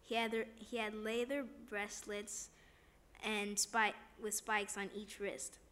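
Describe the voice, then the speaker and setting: A woman's voice: medium pitch, flat delivery, slow pace, fairly bright tone. A woman reading a first-person devotional story aloud, plainly, with small slips and restarts.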